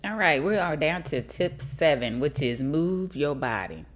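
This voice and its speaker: A middle-aged woman from the United States hosting a podcast, giving casual advice straight to her listeners, lively and quick to laugh. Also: sits low, a little hiss or hum. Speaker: podcast host.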